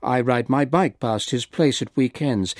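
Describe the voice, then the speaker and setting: A man's voice: medium pitch, measured pace, darkish tone, no echo, clean studio sound, close to an everyday voice. A man voicing a polite, deferential male aide in a story reading.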